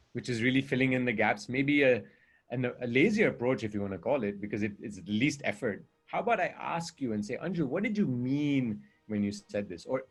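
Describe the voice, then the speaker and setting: A man's voice: mid-range voice, husky. A man speaking as a communication coach in a conversation, earnest and explaining with examples and rhetorical questions.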